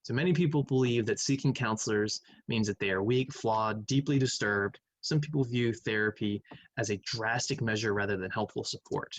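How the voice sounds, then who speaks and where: In a recorded lecture with poor audio, a male math teacher with a lowish voice works through quiz answers at a normal pace. He talks conversationally, thinking aloud and humming as he reads.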